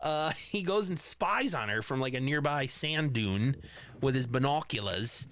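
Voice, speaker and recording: A man's voice: mid-range voice, expressive, measured pace, a bit bright. A man co-hosting a podcast, recapping a movie in casual chat with wry asides and laughs. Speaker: podcast co-host.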